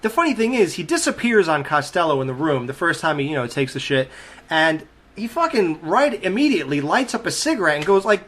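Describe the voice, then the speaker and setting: A man's voice: fairly high pitch, fairly quick. A man hosting a casual chat about an old comedy film, swearing freely and laughing as he talks. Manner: profane, animated, laughing as he talks. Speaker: podcast host.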